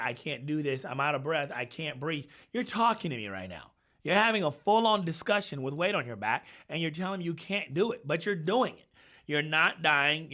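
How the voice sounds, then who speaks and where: A man's voice: a little high, bright, forceful tone. A man in his forties, a coach and personal trainer, giving an emphatic motivational talk with punchy repeated phrases.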